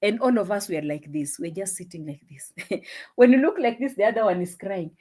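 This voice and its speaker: A young woman hosting a casual live stream, chatting and laughing, dropping into low asides, on a phone mic. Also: animated, normal speed, darkish tone.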